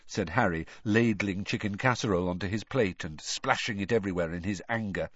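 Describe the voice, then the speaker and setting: A man narrating a storybook in a measured, expressive way. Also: fairly low pitch, no echo, muffled recording. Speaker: audiobook narrator.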